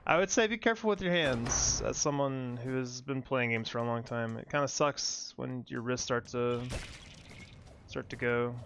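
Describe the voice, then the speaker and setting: A man's voice: medium pitch, moderate pace, fairly bright tone, muffled recording, a little hiss or hum. A young man streaming a game, chatting casually and rambling with lots of fillers, laughs and casual swearing. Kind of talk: casual gameplay commentary.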